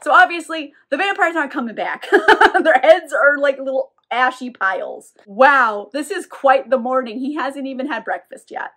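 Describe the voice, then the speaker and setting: Wry high-voiced woman recapping a book. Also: animated, moderate pace, a bit bright. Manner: wry, swearing, laughing asides. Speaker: book reviewer. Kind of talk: casual sarcastic book recap.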